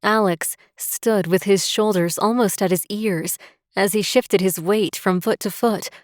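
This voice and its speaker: A woman narrating a romantic suspense audiobook in a steady, measured way. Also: mid-range voice, no echo, studio quality. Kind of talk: scripted narration.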